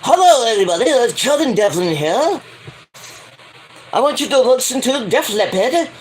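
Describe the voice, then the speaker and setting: A man's voice: very high-pitched, sing-song, normal speed, slight background noise, voice pushed up. A man putting on an exaggerated Irish accent, parodying a boisterous male wrestler with stock phrases. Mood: hammy. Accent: put-on Irish.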